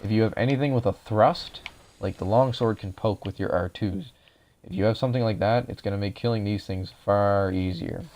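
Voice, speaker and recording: A young man with a low, gravelly voice talks through a game walkthrough in a relaxed, explanatory way. His voice sounds a little dry. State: voice drying out. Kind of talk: casual gameplay commentary.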